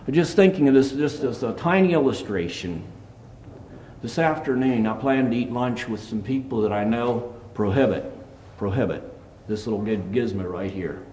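A man's voice: mid-range voice, normal speed, a little mellow, slight background noise. A man preaching a plainspoken, earnest sermon at a church service, reading scripture aloud. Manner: earnest, plainspoken, reads scripture in King James wording.

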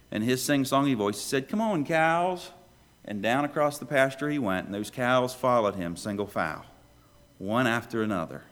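Animated male preacher, lively swings. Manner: animated preaching, swings between loud questions and hushed low lines. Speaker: pastor. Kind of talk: sermon.

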